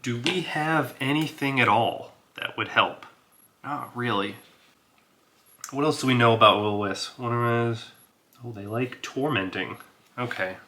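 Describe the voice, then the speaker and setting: A man's voice: mid-range voice, a little slow, pushed and bright. A man casually narrating his solo tabletop role-playing game, thinking aloud with filler words and small chuckles.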